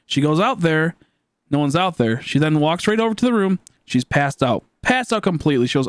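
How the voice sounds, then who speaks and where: Late-20s male streamer, chatty and rambling, many fillers, slightly high pitch. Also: lively intonation, normal speed, clear, resonant tone, dry recording, studio quality. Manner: rambling, full of "like" fillers and restarts. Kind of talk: casual storytelling on a live stream.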